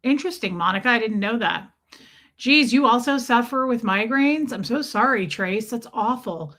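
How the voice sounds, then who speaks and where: A woman's voice: a little high, lively intonation, normal speed, fairly bright tone. A woman hosting a casual livestream, chatting and greeting viewers by name in an affectionate way. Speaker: livestream host.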